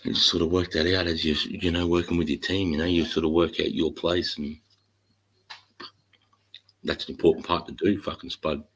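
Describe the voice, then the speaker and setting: A man's voice: deep voice, little pitch movement, fairly quick, long pauses, fairly bright tone, breathy edge, rough recording. A middle-aged man with an Australian accent, chatting bluntly and swearing freely about army life as the host. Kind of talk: casual chat.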